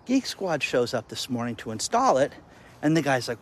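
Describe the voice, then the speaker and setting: A male content creator telling stories to camera outdoors in the wind, animated and exasperated. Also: mid-range voice, normal speed. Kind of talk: casual vlog rant.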